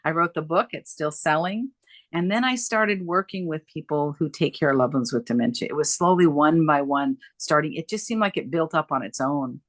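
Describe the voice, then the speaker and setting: A middle-aged woman speaking as an interview guest, her delivery animated and emphatic as she recounts events and leans on repetition. Her voice sits at an ordinary pitch for a woman. The sound is dry and close, with no room echo. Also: moderate pace. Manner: animated, emphatic, repeats phrases for effect. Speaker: guest, dementia care coach. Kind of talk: conversational interview storytelling.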